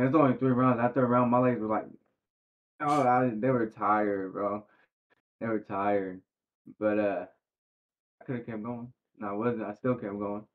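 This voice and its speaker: Laid-back low-voiced man, tinny phone sound. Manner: laid-back, slangy, many fillers. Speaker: professional boxer, podcast guest. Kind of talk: casual interview chat.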